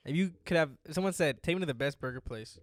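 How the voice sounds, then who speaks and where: On a casual podcast, a young co-host teases his friend, swears freely and uses lots of filler words. He speaks quickly and expressively with a voice on the high side, in studio-quality audio with no echo.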